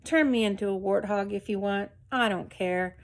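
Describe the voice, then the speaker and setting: A woman's voice: medium pitch, moderate pace, natural voice. Woman voicing a weary, bitter toy rabbit. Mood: weary despair. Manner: quiet, flat, resigned murmur. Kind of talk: storybook reading.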